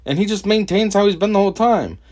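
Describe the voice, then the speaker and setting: A young man from Connecticut doing a mocking reaction commentary over a video, laughing often and pausing the clip to remark on it. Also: high-pitched, animated, a little mellow. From Connecticut, USA. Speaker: commentary host.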